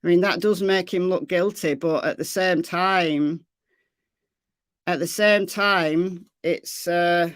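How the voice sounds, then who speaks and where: A woman's voice: fairly low pitch, fairly even intonation, slow pace, dry recording, studio quality. A woman from Lancashire with a Lancashire accent, hosting a casual true crime livestream and answering viewers' chat, often repeating her phrases. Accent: Lancashire English. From Lancashire, England. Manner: chatty, repeats phrases, reads chat aloud.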